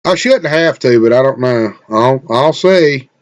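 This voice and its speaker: A man's voice: mid-range voice, lively intonation, unhurried. A man streaming a game live, chatting casually and rambling to himself with plenty of profanity while he sets up.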